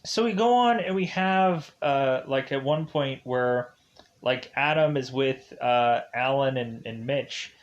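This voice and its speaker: A man's voice: medium pitch, slow pace, highs cut off. A man recapping a film in a casual, rambling way, with many fillers, and retelling the scenes loosely in the present tense. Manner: rambling, filler-heavy, with many likes and kinda's. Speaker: film reviewer. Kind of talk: casual spoken movie recap.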